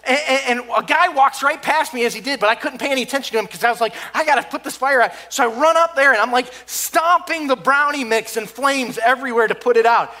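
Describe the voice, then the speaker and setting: A man with a high voice tells a comedic story from his own life. His tone is bright and forceful. He talks in an animated, excitable rush and often trips over his words and starts again. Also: fast talker, few pauses. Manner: animated, excitable, many restarts.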